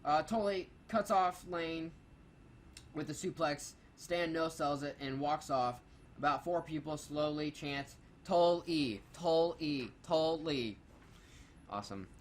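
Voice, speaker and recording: A sarcastic co-host reviews a wrestling show, reading his notes aloud and swearing freely in casual, profane commentary. His voice is on the high side, steady in tone, and a little slow.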